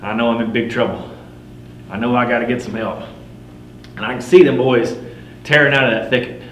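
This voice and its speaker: Using a natural voice of medium pitch, a little fast and fairly bright, a living history performer becomes a grizzled fur trapper telling tall tales around the campfire in first person. The boastful mountain man speaks in a folksy drawl with rough frontier grammar, swaggering and wry, laughing at his own stories. A faint hum runs through the roomy recording.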